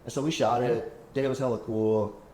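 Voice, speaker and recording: In an echoey penthouse apartment with a low background hum, a man hosts a laid-back podcast chat. He rambles from story to story, voicing what others said, at a moderate pace. His pitch is medium, his intonation fairly even and his tone darkish.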